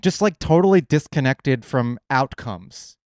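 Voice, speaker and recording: A man's voice: medium pitch, lively intonation, measured pace, darkish tone, no echo, clean studio sound. A man co-hosting a podcast, speaking in an emphatic, opinionated casual chat. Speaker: podcast co-host.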